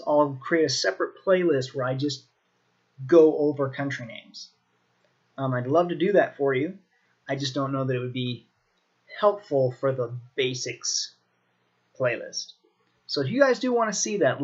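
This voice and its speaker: An American man teaching a language lesson on video, in a relaxed manner, repeating words slowly for learners. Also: a little high, lo-fi sound. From United States.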